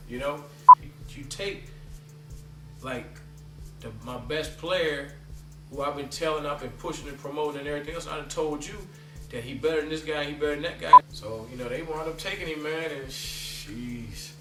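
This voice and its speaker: A man, a youth basketball coach, recounting his story in a loose, animated way, his voice jumping up whenever he acts out what people said. He sounds a bit away from the mic in an echoey room, with clear music playing underneath. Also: medium pitch, recorded from a distance. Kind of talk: storytelling interview.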